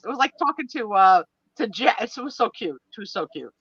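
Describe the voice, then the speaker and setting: Woman host, animated live-stream chatter, dry close sound. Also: fairly high pitch, brisk, breathy edge, no echo, lo-fi sound. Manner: animated, laughing storyteller. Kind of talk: casual live-stream chat.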